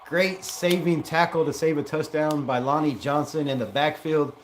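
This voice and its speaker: A man's voice: on the high side, steady tone, moderate pace, a little hiss or hum. Fired-up man calling a game casually. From Las Vegas area. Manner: loose, chatty, gets heated and cursing at players. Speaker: livestream host. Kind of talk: casual watch-party play-by-play.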